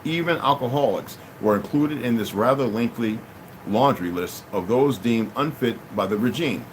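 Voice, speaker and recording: A man of middle pitch reads a passage aloud to his audience, often stopping to talk to them directly. He trips over unfamiliar words and starts sentences over. A faint background hum sits under his voice. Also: animated, normal speed, poor audio. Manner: stumbles over hard words and restarts, addresses listeners directly. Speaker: channel host. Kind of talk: reading a text aloud with off-the-cuff asides.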